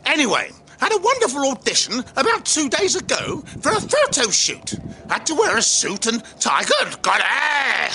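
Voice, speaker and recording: A man, an actor hosting his own vlog, talking theatrically and exuberantly to a camera he holds himself outdoors by a river, with sudden loud outbursts. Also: very high voice, wildly swooping pitch, normal speed, creaky, slight background noise, rough recording. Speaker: actor and channel host. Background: faint outdoor ambience.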